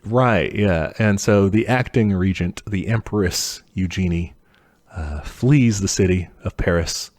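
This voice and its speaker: A young man co-hosting a podcast, telling history in a loose, profane way and putting on quick mock voices for the people in it. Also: sits low, darkish tone. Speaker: podcast co-host. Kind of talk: casual history chat.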